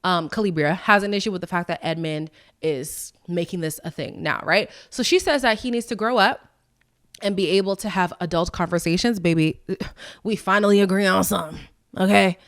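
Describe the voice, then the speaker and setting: A woman hosting a podcast, chatting in a candid, sassy way with frank asides to her listeners. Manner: lively, with quick jumps in pitch. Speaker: podcast host. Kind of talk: casual recap chat.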